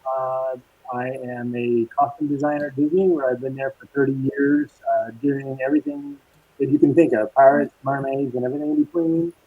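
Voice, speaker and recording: A man's voice: mid-range voice, very animated, moderate pace, creaky, slightly rough, dry recording. A man in his fifties, a guest speaking over a video call, cheerful and laughing as he talks. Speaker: guest costume designer. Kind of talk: casual video-call interview. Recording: tinny, dry video-call audio.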